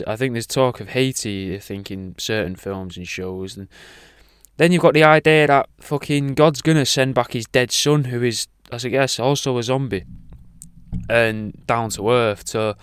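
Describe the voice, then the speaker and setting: A man's voice: mid-range voice, smooth, no echo, clean studio sound. A man hosting a radio show, rambling through an irreverent, sweary monologue.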